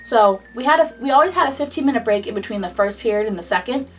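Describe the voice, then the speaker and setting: A woman's voice: a little high, fast talker, recorded from a distance, soft background music. A young woman casually telling a personal story in a chatty style, full of "like". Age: young adult. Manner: chatty, frequent "like", animated retelling. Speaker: vlogger.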